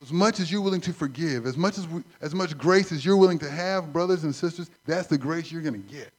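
A man preaching a sermon, conversational and animated, acting out stories. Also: a little high, fairly quick. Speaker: pastor.

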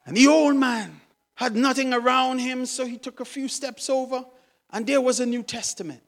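A woman's voice: high voice, moderate pace. A woman preacher telling a story in an emphatic, dramatic sermon style.

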